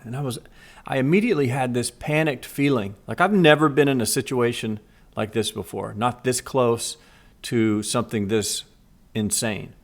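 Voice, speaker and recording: A man vlogging, earnestly retelling a frightening day to his viewers in a casual, animated way. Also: medium pitch, moderate pace. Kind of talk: casual storytelling to camera. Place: Los Angeles area.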